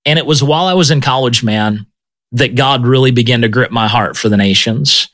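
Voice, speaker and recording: In an interview, a man shares a personal testimony earnestly and animatedly, frequently stumbling over repeated words. His voice is medium-pitched and brisk, with no room sound.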